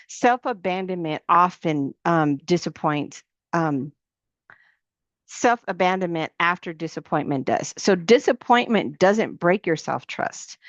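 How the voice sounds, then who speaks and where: A woman's voice: lowish voice, no echo. A middle-aged woman teaching as a ministry coach in a conversational way, repeating key phrases and acting out inner thoughts. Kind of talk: faith-based teaching talk. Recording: dry, dull lo-fi sound.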